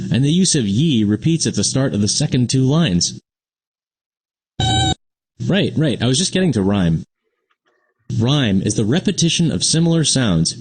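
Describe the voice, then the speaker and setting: A mid-range male voice with a darkish tone and breathy edge brings to life a friendly young cartoon explainer. The upbeat, scripted narration teaches the basics of poetry simply while answering a sidekick the listener never hears.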